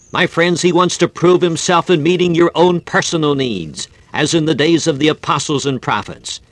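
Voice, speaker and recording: A man's voice: a little high, a bit bright, no echo. A man preaching a fervent sermon in an old-fashioned preaching cadence, telling stories and making appeals to his listeners.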